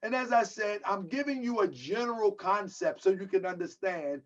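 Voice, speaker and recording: A man's voice: high voice, lively intonation, moderate pace. A man from the United States hosting a live-stream talk, lecturing casually, answering viewers' comments and repeating rhetorical questions in a preachy way. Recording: dull lo-fi sound.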